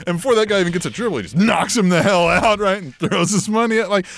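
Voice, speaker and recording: Animated man recapping wrestling, dry mic. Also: high voice, quick pace, vocal fry, no room sound. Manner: animated, acts out quotes, swears. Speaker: podcast co-host. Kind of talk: casual wrestling recap chat.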